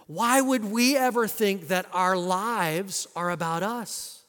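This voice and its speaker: A man's voice: high voice, slow, few pauses, a bit bright. A male pastor preaching a sermon in a conversational way and asking the congregation rhetorical questions. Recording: long hall reverb.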